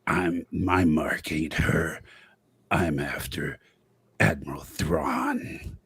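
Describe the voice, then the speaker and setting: A man imitating a sneering, scheming male alien bounty hunter in a low, slow drawl. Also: a bit bright, husky, heavily acted. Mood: sly. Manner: mocking impression.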